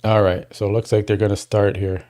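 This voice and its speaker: A man hosting a casual livestream watchalong, rambling and talking to his chat, and getting loud and worked up when he complains. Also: fairly low pitch, level tone, brisk. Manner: rambling, restarts, talks to chat. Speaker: livestream host.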